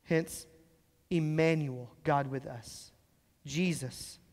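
A man preaching a sermon as pastor, explaining scripture and slowing down to stress key phrases. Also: a little high, darkish tone, long reverb tail. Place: church sanctuary.

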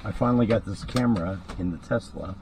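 A man with a very low, gravelly voice talks offhand and rambling from the driver's seat. He has denture glue in his mouth. Faint road and tire noise hums behind him. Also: brisk, darkish tone. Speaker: vlogger. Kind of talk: casual vlog narration. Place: inside a car. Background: car and tire noise.

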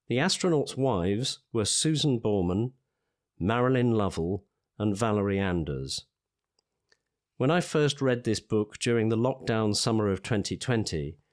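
A man with a British accent introducing and then reading aloud from a nonfiction book in a measured, earnest way. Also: fairly low pitch. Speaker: audiobook reader.

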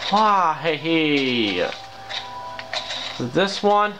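A man's voice: fairly high pitch, very animated, extremely slow, pauses often, highs cut off. A man giving casual gameplay commentary as host, grumbling and breaking into exasperated exclamations. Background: game music playing clearly.

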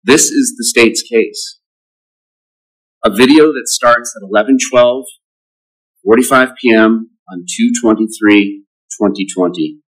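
A man's voice: mid-range voice, a little slow, pauses often, rough recording. A man speaking as a prosecutor, laying out his case to a judge in a firm, methodical courtroom argument. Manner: firm, methodical, lays out evidence step by step.

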